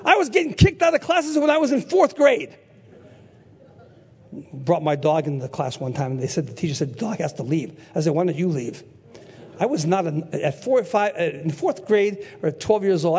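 A man in his sixties preaching a sermon, telling stories in an animated way and shouting for emphasis, with a husky voice. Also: a little high, fairly quick. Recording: echoey hall.

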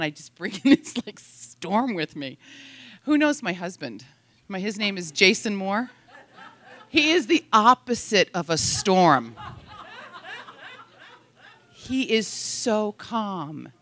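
A woman sharing a devotional thought in a casual, rambling way, often laughing. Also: medium pitch. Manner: giggly, rambling, lively.

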